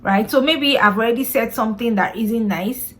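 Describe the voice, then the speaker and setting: A woman's voice: fairly high pitch, moderate pace, fairly bright tone. A woman hosting a parenting podcast, talking casually and earnestly to listeners, often asking herself rhetorical questions and checking in with "you know" and "right?". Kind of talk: casual advice talk to camera.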